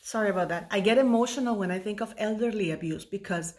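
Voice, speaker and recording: A woman in her fifties talks through a long commentary monologue in a mid-pitched voice, tired and rambling. She stops and restarts often, and she gets emotional as she goes. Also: fast talker, a little mellow. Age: 50s. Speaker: YouTube commentator.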